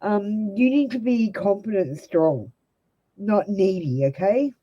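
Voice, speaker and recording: A woman's voice: medium pitch, unhurried, dark tone, breathy edge, highs cut off. A young Australian woman reading tarot live for viewers, giving blunt, direct advice. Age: young adult. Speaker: tarot reader.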